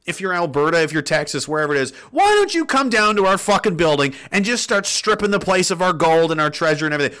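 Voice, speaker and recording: A man's voice: fairly high pitch, expressive, fast, hardly any pauses, sharp tone, smooth. A man in his thirties hosting a stream, reading chat messages aloud and ranting with a lot of profanity. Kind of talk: casual livestream rant.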